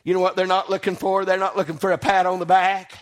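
Male preacher, high-pitched, fervent sermon delivery with loud peaks and soft drops. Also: flat delivery, fast. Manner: impassioned, swings from loud exclamation to quiet asides.

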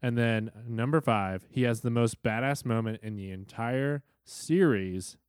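A man's voice: mid-range voice, measured pace, darkish tone, clean tone, dry recording, studio quality. A man co-hosting a podcast, laid-back, reading listener emails aloud in casual chat. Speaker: podcast co-host.

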